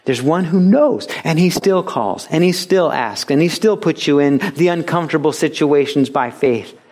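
A male pastor preaching a sermon, animated and acting out little dialogues and mimicking voices for laughs. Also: on the high side, moderate pace.

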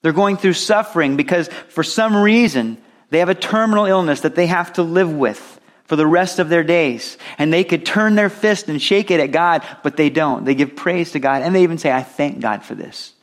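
A man preaching a sermon, swinging between emphatic loud stresses and soft drops. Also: a little high, moderate pace.

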